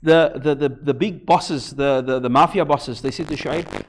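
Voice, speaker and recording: A man's voice: fairly high pitch, normal speed, few pauses, noisy background. A man giving a Ramadan lecture in a mosque, earnest, reciting Arabic verses and explaining them.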